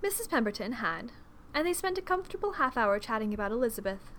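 Woman, audiobook narrator, expressive storytelling, fairly high voice, faint background ambience. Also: quick pace, slight background noise.

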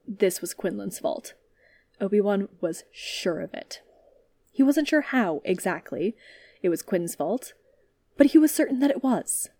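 A woman reading a story aloud as narrator, in a calm, steady manner. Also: mid-range voice, unhurried, dry recording.

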